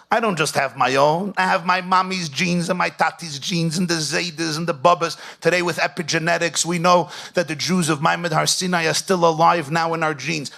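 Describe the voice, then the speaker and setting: A rabbi preaches in with a lilt, his voice gravelly and pitched a little high for a man. He tells his stories in a soft, close hush, then rises to loud, fervent peaks. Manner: storytelling, swings from hushed to impassioned. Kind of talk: sermon.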